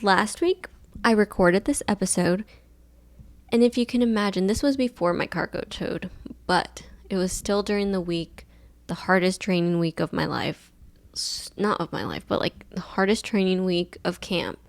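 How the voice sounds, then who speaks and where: A young woman talks through a personal story on her solo podcast, casual and rambling. Her delivery is chill and fairly flat, loose and unhurried, and she leans heavily on "like" as she goes. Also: medium pitch. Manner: chill, laid-back, monotone delivery; rambling with many fillers like "like". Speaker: podcast host.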